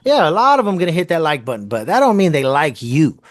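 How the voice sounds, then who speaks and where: A man's voice: a little high, very animated, fast, no echo. A man chatting casually on a podcast, frank and swearing freely, often asking rhetorical questions. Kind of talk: casual chat.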